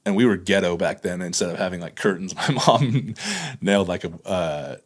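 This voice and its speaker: A man with a notably low, deep voice speaks as a podcast guest in candid conversation. He tells his story in a halting way, leaning on fillers and restarting his sentences as he goes.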